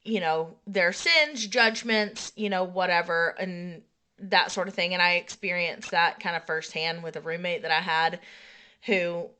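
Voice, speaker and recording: A young woman co-hosts a podcast with a very bright, crisp tone. She chats casually and rambles through her stories, filling them with "like" and "you know.". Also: on the low side, fairly even intonation, measured pace, a little hiss or hum. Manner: chatty, rambling anecdotes full of fillers. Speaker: podcast co-host. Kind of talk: casual chat.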